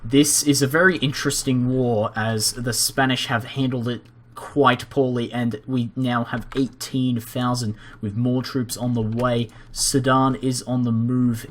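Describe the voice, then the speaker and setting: A young man commentating a strategy game timeline in a measured, dry and lightly wry way. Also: mid-range voice, slight background noise.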